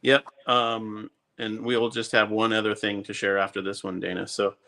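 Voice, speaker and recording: A man co-hosting a live stream, cheering people on with quick upbeat comments. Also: fairly low pitch, little pitch movement, vocal fry, pushed and bright. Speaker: co-host of the show. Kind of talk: casual live-stream chat.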